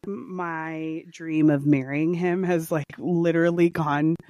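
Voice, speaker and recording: A young woman co-hosting a podcast, teasing and gushing in animated casual chat. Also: deep voice, takes it slowly, no room sound, lo-fi sound. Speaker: podcast co-host.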